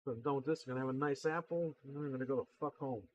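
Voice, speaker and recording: A man's voice: mid-range voice, steady tone, rapid-fire. A man in an ordinary middle register tells stories from his repair counter in a blunt, exasperated, profane way. The stream audio is a little dull and lo-fi. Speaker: livestream host and console repair seller. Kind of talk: casual livestream storytelling.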